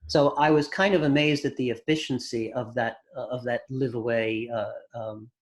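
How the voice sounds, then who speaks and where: A man, a record producer, guest on an interview, telling long anecdotes at an unhurried pace with thoughtful pauses. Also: mid-range voice, steady tone. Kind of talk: casual storytelling interview.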